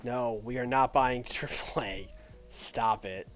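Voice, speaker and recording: Over faint background music, a man casually plays a strategy game on a livestream, thinking out loud and talking to his chat. His voice is mid-range and a bit bright, and he speaks slowly.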